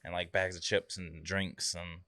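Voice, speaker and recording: A man's voice: sits low, little pitch movement, a little slow, pushed and bright. A man co-hosting a casual podcast, laid back, telling a story with short dry remarks. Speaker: podcast co-host. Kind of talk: casual chat.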